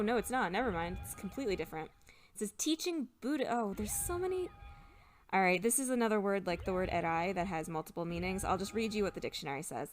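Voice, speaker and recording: A young woman talks through a game at her home computer, chatty and thinking aloud as she checks a dictionary. Her pitch jumps around a lot, with a faint bit of game music underneath. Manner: chatty, thinks aloud while looking words up. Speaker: let's play host. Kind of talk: casual game commentary, explaining Japanese words.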